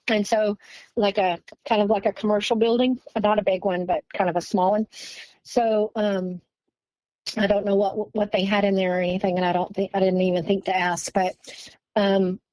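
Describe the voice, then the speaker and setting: A woman's voice: mid-range voice, moderate pace, dry recording, poor audio. A woman from Texas, telling a story as a guest in a casual, rambling way, acting out what people said. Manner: rambling, lively, acts out quoted speech.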